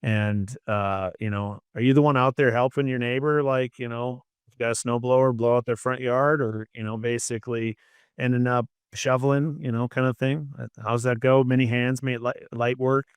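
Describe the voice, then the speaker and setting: A man's voice: medium pitch, steady tone, moderate pace, clean tone, no room sound. A man, co-hosting a casual faith-based chat and rambling with frequent "you know" fillers. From Minnesota. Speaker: podcast co-host.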